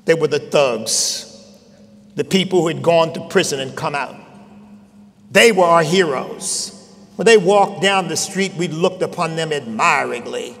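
A man's voice: fairly high pitch, unhurried, creaky, a bit bright. An older man giving a personal testimony as a bishop, telling his story in a sermon that builds to emphatic peaks. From Chester, Pennsylvania. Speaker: bishop preaching. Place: large conference hall. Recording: long hall reverb.

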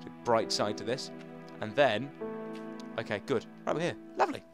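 A young man giving casual let's-play commentary, chatting to his pets and himself and jumping into high-pitched shouts. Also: animated, moderate pace, music in the background. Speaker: gaming channel host.

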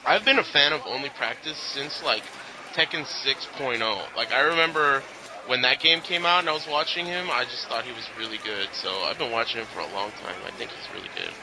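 A man's voice: mid-range voice, fairly quick, noisy background. A man co-hosting a casual chat, teasing and swearing freely. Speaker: co-host. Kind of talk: casual chat over match footage.

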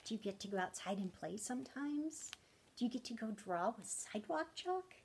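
A woman in her thirties or forties reading a picture book aloud to children, speaking gently and stopping often to ask them questions. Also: fairly high pitch, animated, normal speed, a little hiss or hum. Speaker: storytime reader.

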